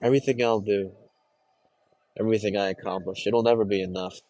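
A young man hosting a podcast, talking to himself in a distressed, halting, brooding confessional monologue. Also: on the low side, steady tone, warm tone, dry recording. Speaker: podcast host.

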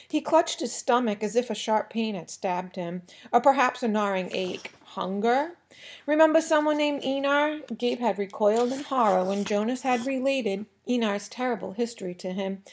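A woman reading a novel aloud for a podcast, with steady, expressive storytelling narration. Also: medium pitch. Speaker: audiobook podcast reader.

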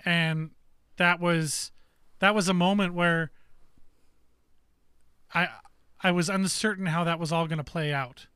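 Bright-voiced man telling a story. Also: a little high, unhurried, pauses often, clean tone, dry recording, studio quality. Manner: animated, swears freely, acts out quotes. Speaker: podcast co-host. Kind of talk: casual chat, storytelling.

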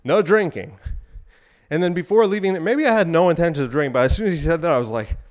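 A man's voice: fairly high pitch, racing, darkish tone. A man hosting a solo podcast, rambling in a provocative, irreverent way while out of breath from exercise. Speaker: podcast host.

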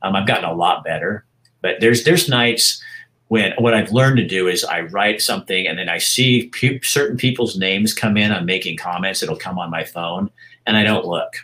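Deep-voiced man in his sixties, reflective. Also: sharp tone, rough recording. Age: 60s. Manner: reflective and frank, halting restarts. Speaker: interviewee. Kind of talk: candid personal interview.

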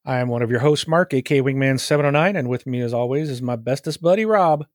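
A man's voice: mid-range voice, fast, dry recording, clean studio sound. A man co-hosting a casual gaming podcast, chatty and teasing, laughing often as he talks. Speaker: podcast co-host.

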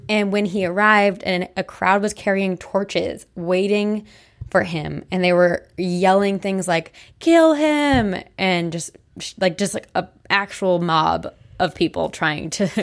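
A woman's voice: mid-range voice, fairly even intonation, a little slow. A young woman co-hosting a podcast, telling a story in casual chat, full of likes and restarts. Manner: chatty, many likes and restarts. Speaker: podcast co-host.

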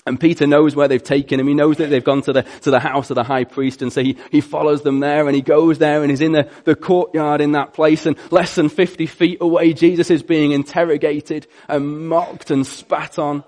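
A male preacher retelling a story in an earnest sermon, swinging between loud passages and hushed ones. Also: fairly high pitch, flat delivery, normal speed, few pauses.

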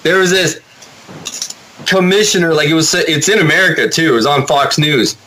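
A man chatting casually as a podcast guest, rambling and animated, swearing now and then. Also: fairly high pitch, normal speed, slight background noise, low-quality recording. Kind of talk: casual chat.

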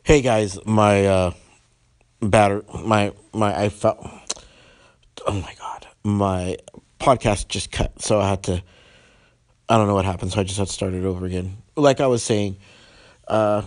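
A man hosting his own podcast, ranting heatedly with lots of swearing and restarts, then settling into a calmer, lower tone. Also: moderate pace, dry recording, studio quality. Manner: profane, rambling, frequent restarts. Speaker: podcast host. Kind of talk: casual solo podcast rant.

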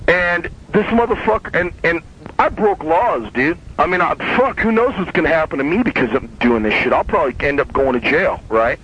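A man's voice: a little high, expressive, a little fast, a bit bright, slight background noise. A man telling a long, heated story in casual chat, profane and rambling, often restarting his sentences. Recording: dull lo-fi sound.

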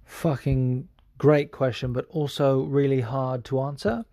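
A man's voice: mid-range voice, fairly even intonation, a little slow, mellow, dry recording, clean studio sound. A man hosting a podcast in casual chat, rambling with many fillers and swearing freely. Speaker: podcast host.

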